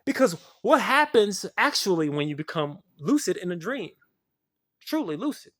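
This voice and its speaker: With big pitch swings and a moderate pace, a spiritual video creator delivers a fervent, expletive-laden rant on camera, going from low mumbling to loud shouting.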